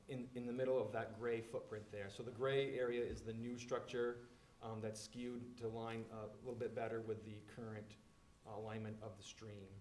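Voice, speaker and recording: A man's voice: mid-range voice, darkish tone, roomy sound. A man presenting engineering plans at a public meeting, explaining in a loose, filler-heavy way.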